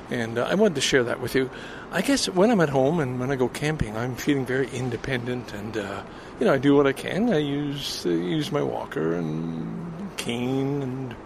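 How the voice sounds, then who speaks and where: Older man, gravelly, rambling vlog, outdoor phone recording, street noise. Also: mid-range voice. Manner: rambling, self-interrupting, talks to listeners. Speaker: vlogger and podcaster. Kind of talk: casual outdoor audio vlog. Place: outdoors in a city, at a station and on a bench. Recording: city street and vehicle noise.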